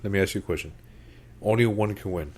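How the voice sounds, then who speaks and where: A man co-hosting a sports podcast, chatty and excitable, calling his co-host "bro" and "dude.". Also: low voice, fast talker. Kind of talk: casual sports chat.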